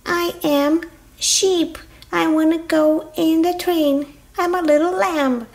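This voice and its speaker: Woman as a little toy lamb, bleating, childlike, high. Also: steady tone, slow, heavily acted. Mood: sweet.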